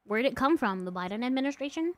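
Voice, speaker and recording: A woman's voice: high voice, animated, quick pace, dry recording. A woman streamer chatting casually and rambling, laughing often and snacking as she talks. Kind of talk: casual live-stream chat.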